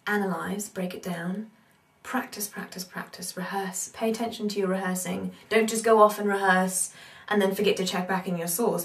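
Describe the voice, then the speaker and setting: A woman giving an animated talk as an accent coach, thinking aloud with many asides. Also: medium pitch. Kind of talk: instructional talk. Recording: roomy echo, distant mic.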